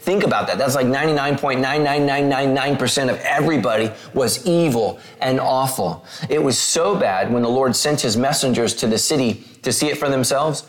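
A man preaching a sermon. He reads scripture slowly and retells it in casual, animated paraphrase, talking straight to his listeners. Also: mid-range voice. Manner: talks directly to listeners, asks them to take notes.

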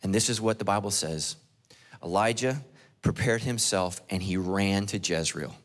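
A male pastor preaching a sermon, telling a story dramatically and putting questions to his congregation. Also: moderate pace. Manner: dramatic storytelling with swings from loud and high to low and hushed; preaching to a live congregation, asking the crowd questions.

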